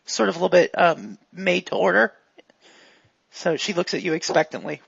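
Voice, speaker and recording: Casual gravelly woman game master. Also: on the low side, normal speed, no room sound. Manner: casual, filler-heavy narration. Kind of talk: narrating a tabletop game. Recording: dull, lo-fi dry mic.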